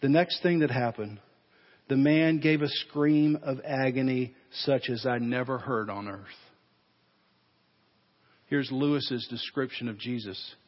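A man's voice: medium pitch, fairly even intonation, a little slow, long pauses. Earnest male pastor in an echoing church. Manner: earnest, direct questions to the congregation. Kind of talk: sermon. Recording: dull, echoey church sermon recording.

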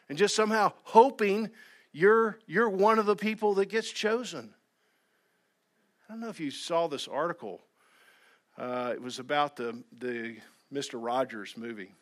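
A pastor preaching a sermon in a church, his voice sitting a little high for a man. He moves between quiet, reflective asides and loud, driving emphasis. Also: normal speed. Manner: earnest, swings from soft asides to loud emphatic exhortation. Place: church sanctuary.

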